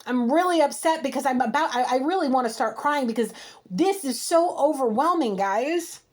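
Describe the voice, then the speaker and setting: A woman gives an emotional tarot reading at home, scolding and exasperated as she talks straight to her listener. Her voice sits a little high, and she pushes each point with heated urgency. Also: animated, moderate pace. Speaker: intuitive reader. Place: home, alone with pets.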